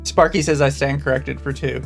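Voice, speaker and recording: A blunt podcast host chats casually and reads out viewer messages, swearing freely and dropping dry asides. The voice sits at an ordinary middle pitch. Soft background music runs underneath. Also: flat delivery, fairly quick, gravelly. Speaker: podcast host reading chat. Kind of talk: casual chat.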